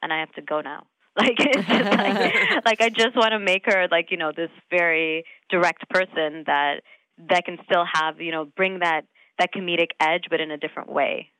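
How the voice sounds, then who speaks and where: Bright, chatty young woman with a dry close sound. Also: fairly low pitch, brisk, smooth, dry recording, poor audio. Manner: chatty, laughs often, many fillers and restarts. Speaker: actress guest. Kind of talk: casual interview chat.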